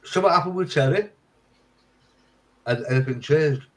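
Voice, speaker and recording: A man's voice: a little high, normal speed, rough recording. A man in casual chat, swearing freely and acting out both sides of remembered conversations. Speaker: friend in conversation.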